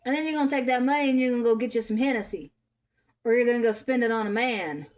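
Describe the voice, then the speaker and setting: A woman's voice: on the high side, quick pace, darkish tone. Blunt, scolding woman ranting. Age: 30s. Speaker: vlogger. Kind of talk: angry commentary rant.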